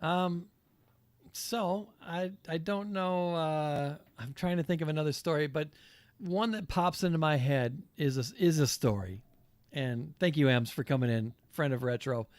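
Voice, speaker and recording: A man's voice: a little high, a little slow, no room sound. A man hosting a live music stream, chatting casually and laughing as he tells stories behind songs. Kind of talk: casual livestream chat and storytelling.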